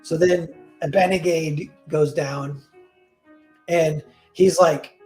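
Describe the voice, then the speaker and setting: A man's voice: a little high, fairly even intonation, slow, a little mellow, faint music behind. A man casually retelling a fairy tale, rambling with lots of "like" and correcting himself as he goes. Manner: rambling, full of "like" and self-corrections. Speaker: storyteller.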